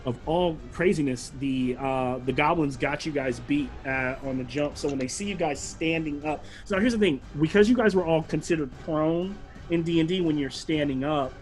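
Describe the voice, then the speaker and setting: A man's voice: fairly high pitch, moderate pace, few pauses. A man narrating a tabletop game as game master, rambling along with lots of fillers.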